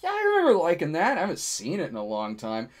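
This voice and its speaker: A man's voice: on the high side, wildly swooping pitch, quick pace. A man co-hosting a livestream, reading viewer questions and rambling casually with lots of fillers. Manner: rambling, filler-heavy, laughs often.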